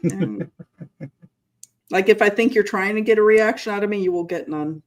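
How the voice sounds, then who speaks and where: A woman's voice: medium pitch, moderate pace. A woman in her forties hosting a casual podcast chat, telling stories bluntly, with plenty of profanity and laughter. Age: 40s. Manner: blunt, profane, animated storyteller who laughs often. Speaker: podcast host.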